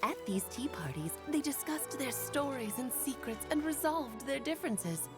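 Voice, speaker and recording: A woman's voice: high-pitched, very animated, moderate pace, music in the background. A woman voicing a playful, grand older female witch in a game, theatrical and coy. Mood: storytelling. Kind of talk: game voice acting.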